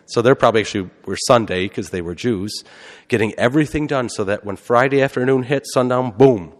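A man's voice: mid-range voice, brisk. A man, a priest, giving a conversational sermon and often asking the congregation questions. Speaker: Catholic priest. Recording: long hall reverb.

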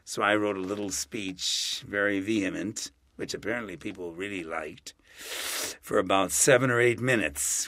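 An older man in a casual interview, speaking in an animated, rambling way with chuckling asides. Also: on the low side, moderate pace, no echo. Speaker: interviewee, Latin expert.

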